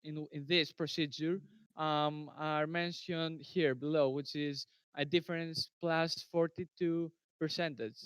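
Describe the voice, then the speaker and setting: A man's voice: a little high, little pitch movement, a little slow, a bit bright, clean tone, no room sound, rough recording. A teenage boy giving earnest, formal answers in a student science debate over a video call. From Greece. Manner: earnest, formal, repeats phrases. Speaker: presenting student in a science tournament.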